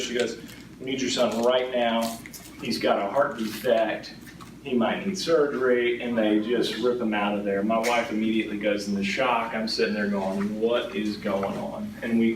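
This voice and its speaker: An insurance agent appearing as a guest tells stories to an audience in a mid-range voice, keeping it conversational and often tacking on "right?" The room is echoey, the mic distant, and there's background noise.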